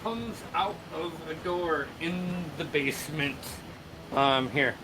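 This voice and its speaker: A man running a tabletop game as game master, talking slowly with many pauses and fillers. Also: on the high side, expressive, background noise. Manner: slow, halting, with many fillers. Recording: music playing under the voice.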